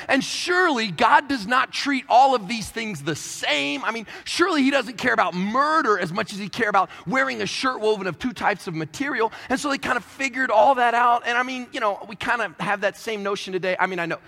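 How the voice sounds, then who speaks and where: A man, a pastor, preaching a sermon with joking asides, moving between quiet talk and shouting. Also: very high-pitched, lively intonation, brisk, vocal fry, few pauses. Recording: echoey hall.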